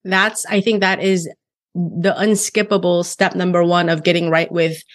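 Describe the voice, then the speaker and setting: A woman's voice: on the low side, little pitch movement, normal speed. A woman hosting a podcast, talking casually and emphatically with enthusiasm, swearing now and then. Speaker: podcast host.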